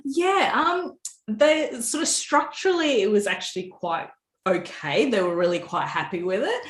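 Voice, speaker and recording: Animated woman storyteller, roomy sound. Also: on the high side, normal speed. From Australia. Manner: animated storyteller, laughs often, many restarts. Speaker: author guest. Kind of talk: casual interview chat. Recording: roomy echo.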